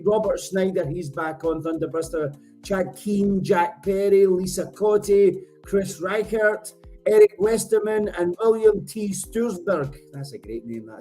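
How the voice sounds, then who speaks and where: A man's voice: high-pitched, dark tone. A man with a Scottish accent hosting a live show, chatty and jokey, often correcting himself as he rambles. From Scotland. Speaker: host.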